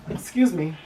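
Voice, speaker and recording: A woman's voice: on the high side, distant mic, background noise. A woman hosting a podcast, telling a candid personal story in a rambling way, with lots of fillers and restarts. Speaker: podcast host.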